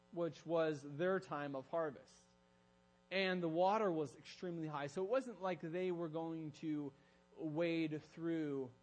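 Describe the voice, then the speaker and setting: Animated preacher man, slightly high voice. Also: poor audio. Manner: animated, acts out quoted voices in storytelling. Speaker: pastor. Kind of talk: sermon. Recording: low mains hum.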